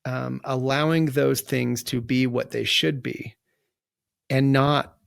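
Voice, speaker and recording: Gravelly male podcast host, thoughtful. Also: medium pitch, steady tone, takes it slowly, a bit bright, dry recording, clean studio sound. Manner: thoughtful, summarizing, with fillers. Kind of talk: conversational podcast talk.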